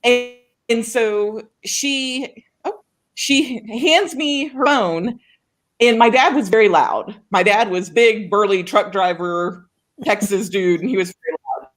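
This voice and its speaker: A woman from Oklahoma co-hosting a show, telling a story in casual chat with an animated, laughing manner. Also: mid-range voice, takes it slowly. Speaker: co-host of a writing show.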